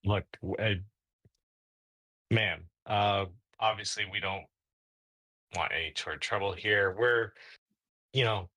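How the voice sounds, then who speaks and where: A man's voice: fairly low pitch, takes it slowly, pauses often, sharp tone, no echo. A man playing a tabletop role-playing game in character, rambling with lots of stammers and restarts. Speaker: player.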